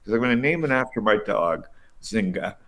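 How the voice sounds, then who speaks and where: A middle-aged man, a venture investor, telling stories casually in an interview, animated and profane, acting out the people he quotes. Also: fairly low pitch, fairly quick.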